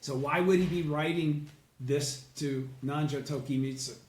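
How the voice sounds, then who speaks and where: A man leading a casual group study session, explaining a text and checking understanding with "okay?" and "right?". He sounds congested and keeps clearing his throat. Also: on the high side, moderate pace, darkish tone, roomy sound.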